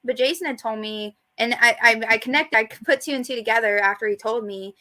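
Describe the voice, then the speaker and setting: A woman chats on a live talk show, her voice sitting a little high. She tells stories in a lively, joking way and laughs readily. Her tone is bright and forceful. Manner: chatty, joking storyteller, quick to laugh. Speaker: show co-host.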